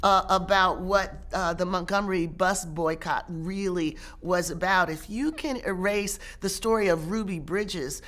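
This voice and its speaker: A middle-aged woman professor and author answering interview questions in a measured way, often pausing and restarting her phrases. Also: fairly low pitch, fairly even intonation, fairly bright tone. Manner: measured, with frequent restarts and pauses.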